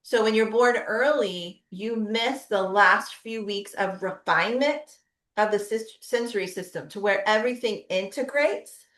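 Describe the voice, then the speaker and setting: A woman's voice: mid-range voice, measured pace, fairly bright tone, reverberant. A middle-aged woman, a pediatric physical therapist, giving a conversational webinar talk with frequent tag questions. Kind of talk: webinar presentation.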